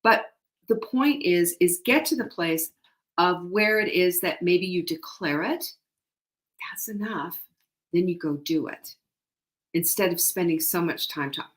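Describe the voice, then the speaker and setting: A woman's voice: on the low side, normal speed, a bit bright. A middle-aged woman hosting a show, giving motivational tips in an emphatic, conversational way and repeating key phrases. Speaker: show host.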